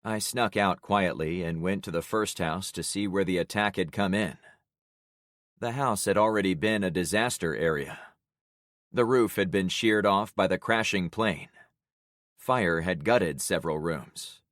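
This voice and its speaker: A man with a lowish voice reads a survival story aloud in the first person. His delivery is steady and grave. The recording is dry and close, with no room sound. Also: measured pace, no echo. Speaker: audiobook narrator. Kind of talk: first-person audiobook narration.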